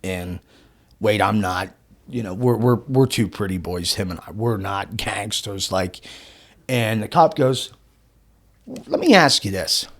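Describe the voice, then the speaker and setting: A man on a podcast as the guest, telling a story in an excitable way. He swears often, laughs mid-sentence and acts out the dialogue. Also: on the low side, unhurried, long pauses. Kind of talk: animated storytelling.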